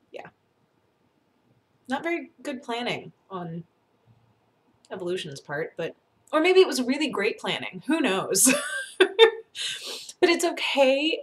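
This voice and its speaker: A young woman from North Carolina talks straight to the camera in a casual advice vlog. Her voice sits a little high, and she keeps the talk chatty and lively. She laughs often and slips into playful quoted thoughts. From North Carolina, USA. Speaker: vlogger.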